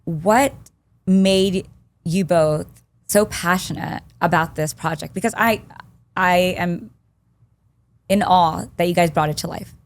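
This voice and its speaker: Low-voiced woman hosting a podcast. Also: takes it slowly, pauses often. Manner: encouraging, with frequent short affirmations. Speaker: podcast host. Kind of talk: casual interview.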